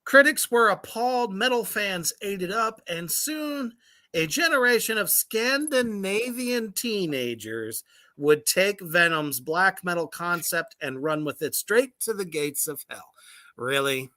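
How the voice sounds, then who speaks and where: A woman's voice: mid-range voice, lively intonation, a little slow, pushed and bright. A woman co-hosting a casual show, reading a list aloud and mocking it with sarcastic, profane asides and frequent laughter. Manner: sarcastic, swears freely, laughs often.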